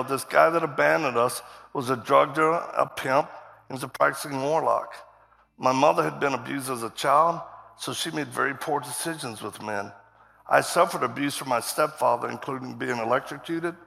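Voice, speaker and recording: A man's voice: medium pitch, moderate pace, gravelly, pushed and bright, big-room sound. A man preaching a testimony sermon in a church, telling his story vividly and acting out the quotes. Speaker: guest preacher. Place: church auditorium.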